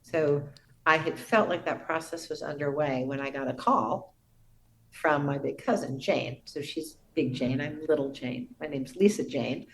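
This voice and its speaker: A middle-aged woman shares a personal story as a podcast guest, her voice low and touched with vocal fry. She speaks earnestly and reverently, sometimes restarting a phrase softly. A faint hiss sits under the recording. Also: a little slow, poor audio.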